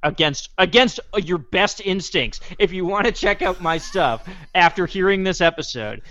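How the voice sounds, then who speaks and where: A man's voice: high voice, animated, moderate pace, fairly bright tone, dull audio. A man guesting on a podcast, joking and rambling in casual chat, often acting out imagined dialogue.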